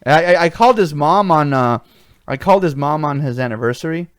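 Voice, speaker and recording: A man's voice: on the high side, expressive, fairly quick, a bit bright, smooth, no echo, clean studio sound. A man hosting a podcast, telling rambling anecdotes in casual chat and acting out quoted dialogue with energy. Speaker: podcast host.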